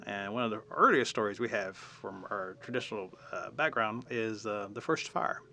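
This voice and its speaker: A man from the Cherokee Nation telling a traditional story with lively drama, acting out the scenes as he goes. His voice is bright and forward. The telling is relaxed and spoken from memory. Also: lowish voice, moderate pace, creaky, slight background noise. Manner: animated, dramatic, acts out the scenes.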